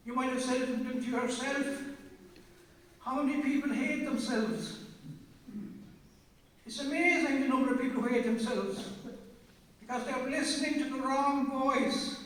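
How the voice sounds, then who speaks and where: A man, preaching a sermon as a priest, slow and emphatic, often repeating his phrases. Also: very high-pitched, fairly bright tone. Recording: echoey hall from far off.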